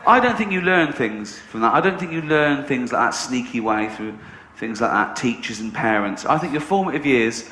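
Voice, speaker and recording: English stand-up, lively pitch, chuckling storyteller, roomy and noisy recording. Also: male voice, normal speed, few pauses. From England. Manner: laughs through his stories. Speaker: comedian. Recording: echoey room with background noise.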